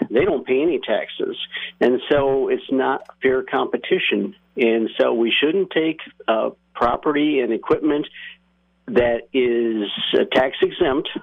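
A man's voice: medium pitch, gravelly. A Midwestern man calling into a radio show, explaining his view in an earnest, lecturing way. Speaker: caller. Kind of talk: call-in opinion. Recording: phone line.

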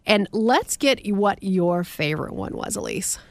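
A woman's voice: medium pitch, unhurried, no echo. Joking Southern woman hosting, dry sound. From South Carolina. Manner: lively, joking. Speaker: podcast host. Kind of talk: casual chat.

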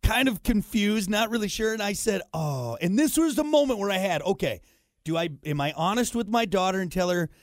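A man's voice: high-pitched, animated, a little fast, no echo, studio quality. A man in his thirties hosting a morning radio show, telling a self-deprecating story full of fillers. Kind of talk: casual morning show banter. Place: radio studio. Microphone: studio microphone.

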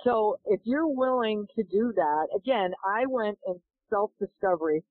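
A middle-aged woman, a golf instructor and podcast guest, tells animated stories and acts out the dialogue. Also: medium pitch, a little slow, no room sound. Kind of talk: storytelling in a podcast interview. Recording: tinny phone-like line, dry.

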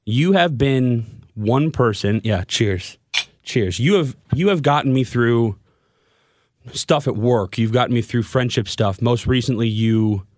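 A man in his twenties hosting a podcast, talking in a halting, stammering way and openly getting emotional in a candid conversation. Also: fairly low pitch, dry recording, studio quality. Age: 20s. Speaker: podcast host and radio broadcaster.

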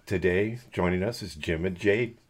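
A man's voice: low-pitched, moderate pace, slight background noise. A man with a Californian accent, hosting a podcast in a loose, joking, rambling way. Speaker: podcast host.

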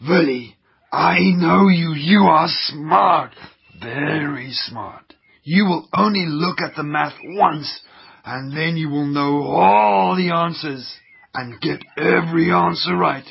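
A gravelly, slow-talking germ villain coaxes and cackles in a children's radio drama. The sound is slightly dull and lo-fi. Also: male voice, on the high side, full character voice. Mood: coaxing. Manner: scheming, cackling, wheedling flattery. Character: sly gloating male germ villain.

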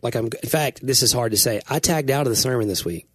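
Fast-talking husky pastor, tired. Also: male voice, mid-range voice, no echo. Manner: fast, animated storytelling with quoted dialogue. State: fatigued, recovering from shingles. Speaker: pastor and podcast host. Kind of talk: casual podcast chat.

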